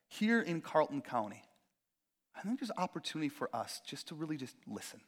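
A young man preaching a sermon in a casual, conversational way, full of fillers and acted-out quotes. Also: fairly high pitch. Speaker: pastor.

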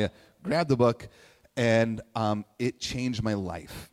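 A man telling a personal story in a sermon, chatty and animated, acting out quotes in playful voices. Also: medium pitch, unhurried. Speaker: speaker giving a message to a congregation. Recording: long hall reverb.

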